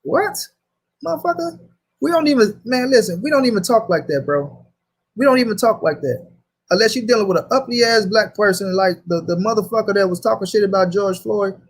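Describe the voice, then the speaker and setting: A man runs a casual livestream and argues hard. His voice sits fairly high, and he swears freely as he reads viewer comments aloud. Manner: heated, profane, reads chat aloud. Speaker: host.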